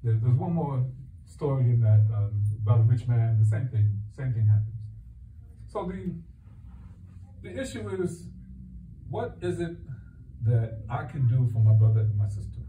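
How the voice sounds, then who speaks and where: A man's voice: mid-range voice, animated, moderate pace, pauses often, a little hiss or hum. Male counselor, casual religious talk with acted-out anecdotes, distant reverberant hall recording. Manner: storytelling, acts out dialogue in quotes. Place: mosque hall. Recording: echoey hall, far from mic, tinny phone-like sound.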